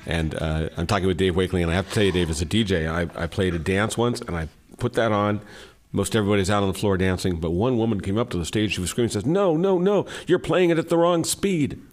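A man, a radio DJ interviewing a musician in a chatty, halting way. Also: sits low. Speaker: radio DJ host.

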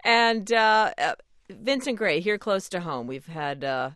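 A woman hosting a radio call-in show, brisk and friendly as she moves through callers. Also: medium pitch, animated, fairly bright tone, no room sound, clean studio sound.

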